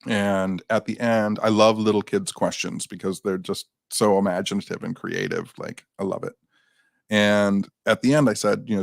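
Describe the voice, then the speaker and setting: A man with a low, gravelly voice, chatting casually and spinning anecdotes with lively quoted dialogue. The sound is dry and close, with no room around it. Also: normal speed, dry recording. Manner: animated anecdote teller, acts out quotes. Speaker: guest paranormal investigator. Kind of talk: casual storytelling chat.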